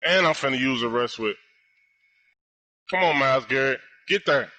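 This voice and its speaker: A young man giving live commentary on his own gameplay, loud and full of profane trash talk. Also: medium pitch, animated, moderate pace. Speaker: gamer.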